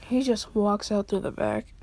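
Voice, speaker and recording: A woman's voice: mid-range voice, fairly even intonation, normal speed, gravelly, a little mellow. A woman casually improvising a fan story, rambling with many fillers and restarts.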